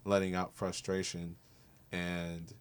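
A man's voice: sits low, completely flat delivery, slow, smooth. A man hosting a casual group interview with students, talking in an encouraging, laid-back, chatty way as their music instructor.

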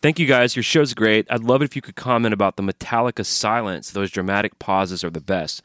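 A man's voice: on the low side, brisk, a bit bright. A man co-hosting a podcast in casual chat, upbeat and crude-humored, plugging the show and reading emails. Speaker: podcast co-host. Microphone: studio microphone.

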